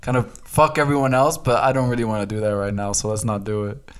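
A man's voice: on the low side, fast, clear, resonant tone. A young man co-hosting a podcast from his small apartment over a call, chatting in a laid-back, slangy way. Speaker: podcast co-host. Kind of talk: casual chat.

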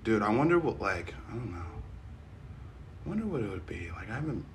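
A man's voice: fairly low pitch, very animated, fairly quick, gravelly, echoey room, far from the mic, a little hiss or hum. A young man in casual chat with a friend, talking in loose, slangy banter that sometimes sinks to a mumble.

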